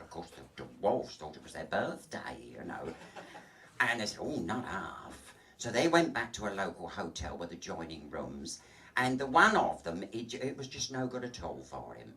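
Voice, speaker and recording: A man's voice: lowish voice, bright, forceful tone, far from the mic, slight background noise. A man doing bawdy stand-up in a small pub. He tells chatty, gossipy stories, acts out the voices and laughs at his own punchlines. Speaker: drag comedian. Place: small pub, live show.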